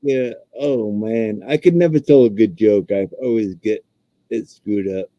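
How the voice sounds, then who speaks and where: A man's voice: lowish voice, a little slow, no room sound. A man guesting on a casual podcast, easygoing and self-deprecating, heard over a dull lo-fi line. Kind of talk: casual chat.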